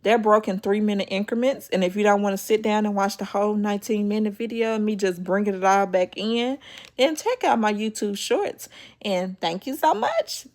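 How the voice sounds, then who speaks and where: A woman's voice: medium pitch, moderate pace, darkish tone. A woman hosting her own channel, chatting casually as she retells a reality TV episode and acts out the quoted lines. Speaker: YouTube show host.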